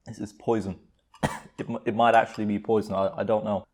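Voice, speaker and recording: A man hosting a casual cooking vlog at home, rambling and exclaiming with self-mocking humor. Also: fairly low pitch. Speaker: channel host. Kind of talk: casual vlog chat while cooking and eating.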